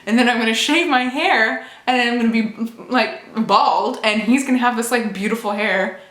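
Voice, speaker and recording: A woman's voice: a little high, moderate pace, a bit bright. Chatty woman in an echoey room. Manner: chatty, candid, with playful sound effects. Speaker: vlogger. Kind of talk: casual chat to camera.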